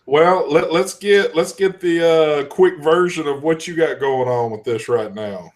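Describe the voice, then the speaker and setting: A man's voice: a little high, unhurried, darkish tone. A man hosting a casual podcast chat, steering it with easygoing questions. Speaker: podcast host.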